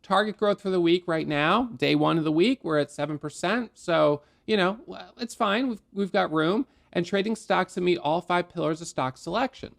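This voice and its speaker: Creaky-voiced man explaining trades. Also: high voice, moderate pace, few pauses. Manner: conversational, explains with analogies and acted self-talk. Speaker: day trading educator. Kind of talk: trading recap to camera. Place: home trading desk.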